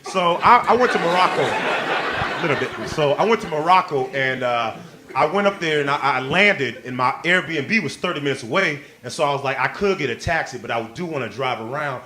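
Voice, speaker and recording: A male stand-up comedian performing a live set on a club stage, excitable and playful, working the crowd and leaping into squealing quoted voices. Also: on the high side, brisk. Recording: live club recording with crowd laughter and noise.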